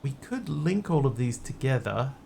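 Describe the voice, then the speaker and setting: Gravelly-voiced man streaming a game. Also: mid-range voice, sing-song, moderate pace, darkish tone, slight background noise. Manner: rambling and wry. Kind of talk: casual gameplay chat.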